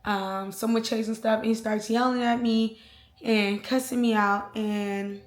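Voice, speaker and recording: Young woman, fairly high voice, animated slangy storyteller recorded in a roomy, echoey space. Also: unhurried. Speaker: vlogger. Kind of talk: storytime vlog. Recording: roomy echo.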